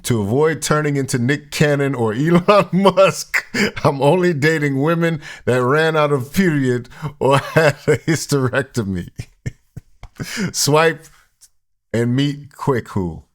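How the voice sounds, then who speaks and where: A man putting on another man's accent to read a public apology aloud, slow and mock-formal. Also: a little high, lively intonation, pitched above the performer's own voice. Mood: mock-solemn.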